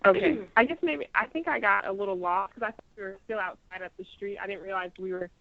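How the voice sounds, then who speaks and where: Woman actor, soft and quick, asking questions in rehearsal, dull lo-fi sound. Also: mid-range voice, dry recording. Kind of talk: casual rehearsal talk.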